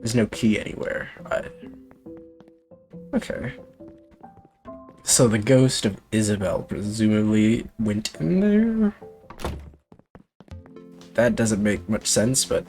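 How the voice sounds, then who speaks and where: A man commentating his own gameplay in a wry, bemused, muttering way. His pitch rises and falls a lot as he puzzles things out, with faint game music underneath. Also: creaky, a little mellow. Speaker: let's play streamer.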